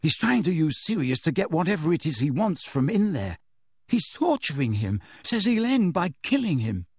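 A man's voice: on the high side, sing-song, moderate pace, darkish tone, breathy edge, dry recording, clean studio sound, pitched above the performer's own voice, exaggerated voice. A man reading aloud and voicing an agitated teenage wizard boy who talks urgently and defensively.

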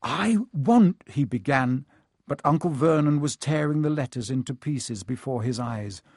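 A man narrates a storybook with measured, expressive pacing. His voice sits at a middle pitch. It is dry and close with no room sound. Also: no echo. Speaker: audiobook narrator.

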